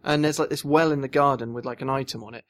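A man's voice: medium pitch, fairly even intonation, fast talker, a bit bright. Young guy rambling through a story on a casual podcast, lots of restarts. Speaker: podcast co-host. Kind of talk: casual chat.

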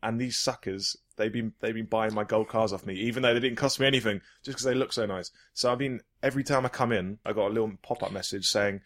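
Chatty man, lowish voice. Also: quick pace, hardly any pauses, a bit bright. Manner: enthusiastic, rambling with restarts. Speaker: podcast host. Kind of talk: casual podcast chat.

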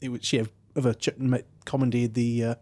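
A man's voice: medium pitch, level tone, quick pace, mellow. A man co-hosting a podcast, telling jokey childhood stories in casual chat. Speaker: podcast co-host.

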